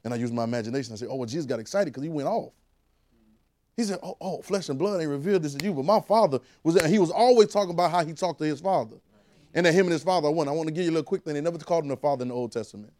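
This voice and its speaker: A man preaching a conversational sermon, repeating phrases and rising to shouted calls. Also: a little high, rapid-fire.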